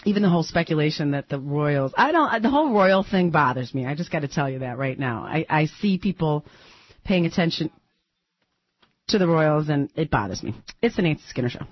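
A woman hosting a talk radio show, chatty and animated, thinking aloud with plenty of fillers. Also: low-pitched, fairly quick, husky, no room sound. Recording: dull, dry broadcast audio.

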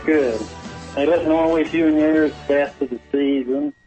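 A man's voice: fairly high pitch, fairly even intonation, brisk, warm tone, soft background music. A man calling in to a radio show on a Bluetooth phone, chatting in a friendly way. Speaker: caller. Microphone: phone over Bluetooth. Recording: muffled phone line on air.

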